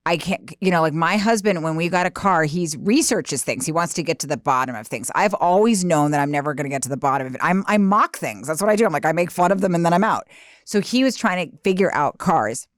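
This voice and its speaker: Woman, comedian, lowish voice, self-mocking storyteller, dry close sound. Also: lively intonation, fast, no echo. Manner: self-mocking, acts out her husband's lines. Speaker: stand-up comedian guest. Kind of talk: casual podcast chat, storytelling.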